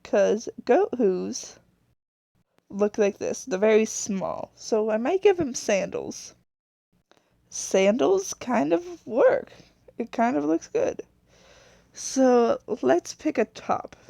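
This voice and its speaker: Here a woman with a slightly high, sing-song voice speaks slowly, her tone gravelly yet mellow, with no room sound. She's a video creator chatting her way through designing a character, rambling, self-correcting, trailing off, and apologizing now and then.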